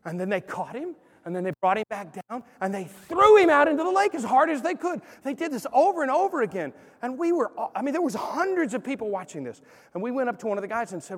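A high-voiced man in his forties delivers a sermon full of stories. He talks in animated swings, acting out every quote. His voice rings with a long hall reverb. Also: fast. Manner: animated storyteller, acts out quotes. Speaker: preacher. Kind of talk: sermon with storytelling.

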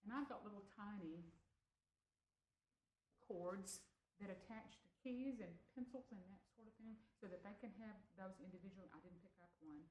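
A woman presenting a music teaching workshop, chatty and animated, often saying "you know" and laughing lightly. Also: mid-range voice, moderate pace, dull audio, slight background noise. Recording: roomy echoing room.

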